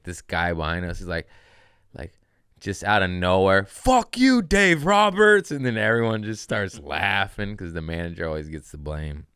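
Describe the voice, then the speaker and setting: Man, comedian podcast host, deep voice, smooth tone, profane rambling storytelling, casual. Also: a bit bright, dry recording, studio quality.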